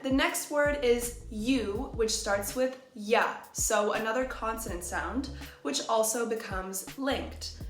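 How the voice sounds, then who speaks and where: A woman teaching English pronunciation in a clear, deliberate way, slowing down to demonstrate phrases. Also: fairly high pitch, fairly bright tone, echoey room, faint music behind. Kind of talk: scripted pronunciation lesson.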